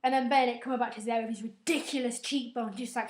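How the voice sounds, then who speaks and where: A young woman talks through a film plot at home, loose and conversational. Her voice sits a little on the high side, and she keeps tossing in self-mocking, sarcastic asides. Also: fairly even intonation, quick pace. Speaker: video reviewer. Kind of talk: casual rambling film recap.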